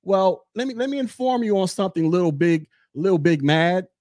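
A man rants on his podcast, mocking a rival and coming back again and again to the same taunts. His voice sits high for a man. It is recorded close and dry, with no room sound. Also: normal speed, a little mellow, dry recording. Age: 40s. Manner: mocking, heated, repeats taunts. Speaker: podcast host. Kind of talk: casual commentary rant.

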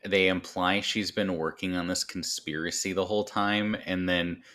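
Very low-voiced laughing man. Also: level tone, normal speed, pushed and bright. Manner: laid-back, laughs often. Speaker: podcast co-host. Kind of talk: casual movie review chat.

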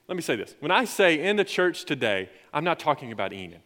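A young man preaching as a youth pastor, telling stories in a lively, rising way. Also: fairly high pitch, fast, hardly any pauses. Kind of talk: sermon. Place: church sanctuary. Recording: long hall reverb.

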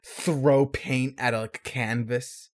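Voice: medium pitch, steady tone, slow pace. A let's play co-commentator chatting over gameplay in a playful, joking way.

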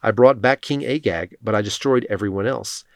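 A defensive king who insists he obeyed and then begs for pardon, read by a man in his own low voice. The reading stays solemn and steady, and the sound is dry and close. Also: moderate pace, dry recording, lightly acted. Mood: pleading.

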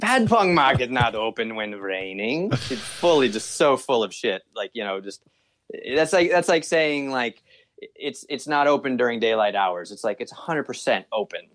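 A man spins a travel story in casual chat, animated and filler-heavy, at a middling pitch. His voice is dry and close, with no room sound. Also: normal speed, no echo.

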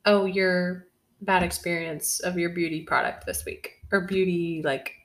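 A woman's voice: lowish voice, steady tone, unhurried, fairly bright tone. A woman co-hosting a podcast, chatting casually and asking short questions. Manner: brief reactions and questions. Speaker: podcast co-host. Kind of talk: casual chat.

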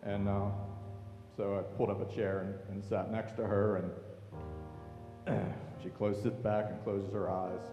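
A low-voiced man gives a halting, soft-spoken testimony from a church stage, with many fillers. The room is echoey, with a long reverb and faint instrumental music underneath. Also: level tone, highs cut off. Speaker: seminary student and hospital chaplain. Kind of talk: personal testimony.

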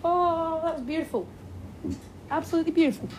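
A young woman hosting a gaming podcast, giving gushing commentary and repeating her excited exclamations. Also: extremely high pitch, fairly quick, slight background noise. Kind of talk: game commentary.

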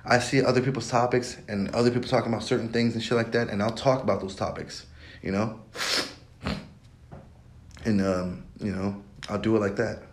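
A man's voice: lowish voice, level tone, a little fast. A young man hosting his own podcast, talking in a rambling, profane monologue that loops back on itself. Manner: rambling, profane, repeats himself. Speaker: podcast host. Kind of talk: casual monologue.

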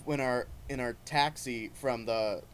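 A man's voice: mid-range voice, unhurried, slight background noise. A man in his twenties co-hosting a podcast, telling stories in casual chat with lots of "like.".

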